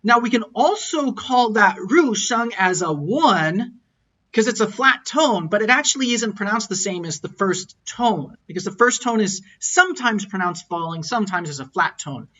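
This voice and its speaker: A man's voice: sits high, animated, moderate pace, sharp tone, a little hiss or hum. A man teaching an online lesson over slides, explaining patiently and sounding out tones as examples. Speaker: language teacher. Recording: dull lo-fi audio.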